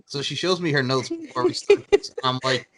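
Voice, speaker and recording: A man's voice: fairly high pitch, wildly swooping pitch, brisk, a crowd in the background. A man hosting a podcast in casual chat, rambling with lots of likes and laughing often. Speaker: podcast host.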